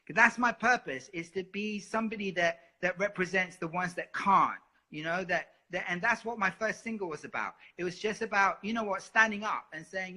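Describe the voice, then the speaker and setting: Expressive bright-voiced man. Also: high-pitched, moderate pace. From London. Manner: expressive, repeats words, lots of "you know". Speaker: singer and interview guest. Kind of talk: live interview, candid.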